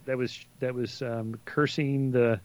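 A man's voice: medium pitch, level tone, a little slow. A man speaking as a guest author in a casual radio interview, hesitant and full of fillers and restarts.

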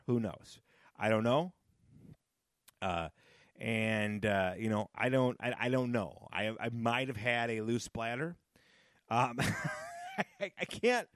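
A man in his thirties hosting a casual solo podcast, rambling and nostalgic with sudden loud high-pitched outbursts. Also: no echo, studio quality. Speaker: podcast host.

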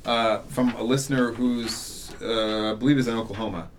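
A man's voice: medium pitch, fairly even intonation, moderate pace, slight background noise. A man in casual podcast conversation, telling stories animatedly, acting out quotes and using many fillers. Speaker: podcast guest, audio drama author.

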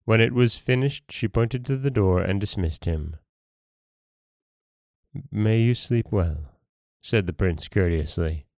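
A man hosting a podcast and reading a folktale in a calm, measured storytelling manner. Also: fairly low pitch, no echo, clean studio sound.

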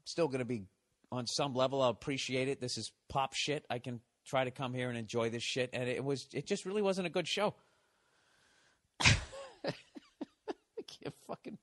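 A man's voice: medium pitch, moderate pace, pauses often, a bit bright, dry recording, studio quality. A middle-aged man hosting a podcast, telling a rambling, profane comedic rant. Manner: profane, ranting. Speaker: podcast host.

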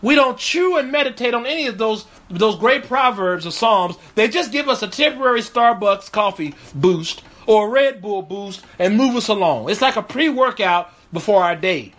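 A male pastor with a notably high voice for a man teaches through scripture in a video sermon. He is earnest and emphatic, and he circles back to repeat his key phrases for weight. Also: animated, moderate pace, hardly any pauses, fairly bright tone.

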